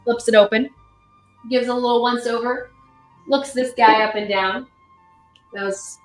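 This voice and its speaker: A woman's voice: mid-range voice, a little slow, soft background music. Woman running a tabletop game. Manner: relaxed, hesitant with many fillers. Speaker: game master.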